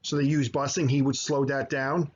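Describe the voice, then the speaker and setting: A man teaching high school history over slides, explaining at length with frequent fillers and self-corrections. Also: flat delivery, normal speed, breathy edge, dull audio. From United States. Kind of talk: recorded slideshow lecture.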